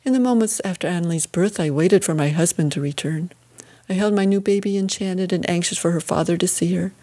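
A woman reading a first-person story as an audiobook narrator, steady and measured. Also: fairly low pitch.

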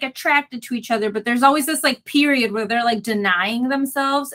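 Woman, bright and forceful voice, slightly high, chatty book talk, lots of fillers. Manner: chatty, frequent "like" fillers, laughs often. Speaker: book club member. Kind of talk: casual book discussion.

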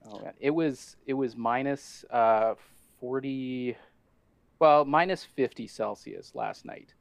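A relaxed man from Canada hosts a trivia podcast in an easygoing chat, laughing things off. His voice sits close and dry on the mic, with no room sound around it. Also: mid-range voice, vocal fry, dry recording. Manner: easygoing, quick to laugh, self-deprecating. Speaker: podcast host.

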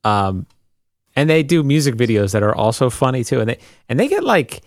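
An easygoing man co-hosts a podcast, searching for words with frequent ums. His voice sits in a middle pitch, recorded close and dry. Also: expressive, brisk, no room sound. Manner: easygoing, hesitant with many ums. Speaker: podcast co-host. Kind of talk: casual chat.

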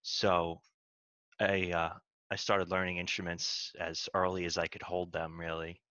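A man, a musician, being interviewed over a video call, speaking in a measured, soft-spoken way. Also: low voice, flat delivery, no room sound, dull audio. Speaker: musician guest. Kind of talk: casual interview.

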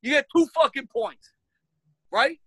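A woman's voice: sits high, measured pace, dry recording, poor audio. A woman co-hosting a casual chat, ranting in exasperation with lots of swearing and bursts of laughter. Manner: rises to shrieking when worked up.

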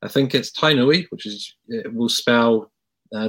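A middle-aged man from New Zealand with a New Zealand accent, hosting a casual interview and telling a story in a lively, animated way with many fillers. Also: mid-range voice, unhurried, husky. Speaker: podcast host.

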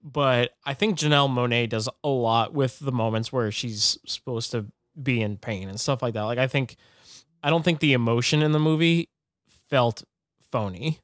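A man co-hosting a podcast, talking through a movie review in a measured, agreeable way while gently disagreeing. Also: mid-range voice, dry recording, studio quality. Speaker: podcast co-host. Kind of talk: casual movie review chat.

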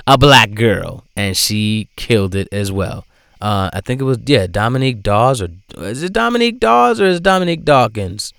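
A man giving casual commentary in a profane, animated way, swinging between loud outbursts and low asides. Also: normal speed, creaky, clear, resonant tone, dry recording, clean studio sound. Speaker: vlogger.

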